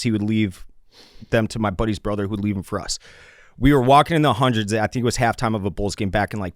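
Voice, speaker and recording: A man's voice: on the low side, dry recording, studio quality. A man co-hosting a casual sports podcast, telling long rambling stories and swearing freely. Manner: rambling storyteller, swears a lot. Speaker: podcast co-host.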